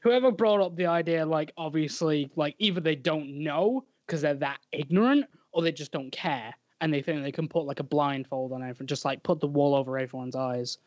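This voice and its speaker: A fairly high-voiced man co-hosts a casual podcast chat and rambles along with lots of fillers. The sound is dry and a little muffled. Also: brisk, few pauses, darkish tone, no echo. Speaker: podcast co-host. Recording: dry, dull lo-fi audio.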